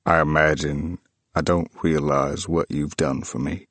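A man voicing a grieving male writer in low, heavy despair. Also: flat delivery, a little slow, fairly bright tone, no echo, heavily acted. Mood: subdued.

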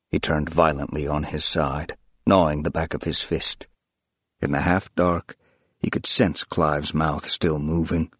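A man giving a measured, scripted narration of a story. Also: a bass voice, steady tone, fairly bright tone, husky, dry recording.

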